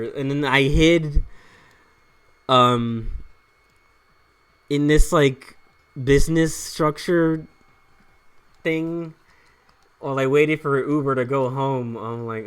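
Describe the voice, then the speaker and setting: A man's voice: a little high, takes it slowly, long pauses, a bit bright, clear, resonant tone. Young male gaming host, casual rambling storyteller, swears a lot, fillers and restarts. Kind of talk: casual storytelling over gameplay.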